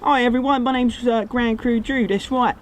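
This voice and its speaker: A man's voice: very high voice, fairly even intonation, normal speed, slight background noise. A man voicing a cheeky ground-crew mechanic who cracks jokes and uses rhyming slang. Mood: cheeky, boastful. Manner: jokey, with rhyming slang and "innit".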